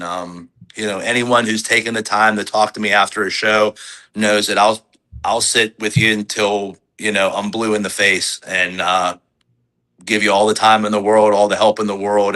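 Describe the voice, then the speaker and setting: Male wrestler, 40s, low bright voice, chatty, filler-heavy, lively when quoting fans. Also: low-quality recording. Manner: rambling, many fillers and restarts. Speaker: pro wrestler guest. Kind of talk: casual podcast interview.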